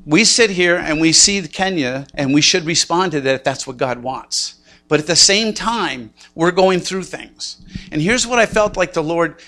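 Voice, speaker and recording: A man's voice: fairly high pitch, bright, forceful tone. A man in his sixties preaching a sermon, telling a personal story with self-mocking humor and acted-out inner thoughts. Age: 60s. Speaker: pastor.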